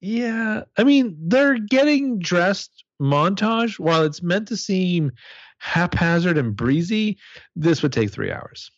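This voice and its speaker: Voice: medium pitch, slow, dry recording. A sarcastic co-host chats on a podcast, and the voice swoops widely up and down. The recording is dull and lo-fi, but close and dry. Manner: sarcastic, animated. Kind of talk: casual chat.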